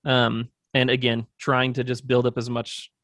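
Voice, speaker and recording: A man's voice: mid-range voice, completely flat delivery, a little slow, a bit bright, no echo, studio quality. A man guesting on an interview show, talking through business plans in a thoughtful, rambling way with lots of fillers. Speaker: agency owner, podcast guest. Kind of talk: casual interview talk.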